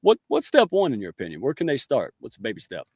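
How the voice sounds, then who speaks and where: A man's voice: mid-range voice, huge pitch swings, fast talker, darkish tone, husky, dry recording, studio quality. A man hosting a podcast interview, folksy and enthusiastic, using homespun words. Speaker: podcast host.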